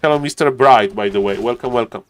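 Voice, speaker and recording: A man with a non-native English accent casting a strategy game live, chatting with viewers and rising in excitement over key plays. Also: mid-range voice, fast. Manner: chatty, greets chat viewers, repeats "ladies and gentlemen". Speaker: game caster and streamer.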